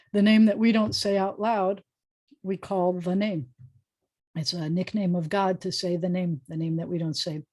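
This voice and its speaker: A woman's voice: mid-range voice, darkish tone. Patient woman rabbi teaching online. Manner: patient, explanatory, sounding out syllables. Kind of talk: online class lesson. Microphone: video call.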